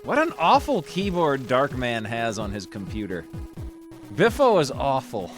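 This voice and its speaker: A man casually commenting while he plays a game on stream, amused and chatty. He talks slowly with a lively rise and fall. Game music plays clearly behind him. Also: mid-range voice. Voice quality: amused, chatty, thanks gifted subs. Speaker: livestreamer playing a game.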